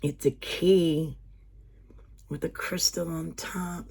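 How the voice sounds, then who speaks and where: Excitable low-voiced woman unboxing. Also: takes it slowly, vocal fry, slightly rough. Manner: excitable, gasping and whispering with delight. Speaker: unboxing vlogger. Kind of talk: casual unboxing chat.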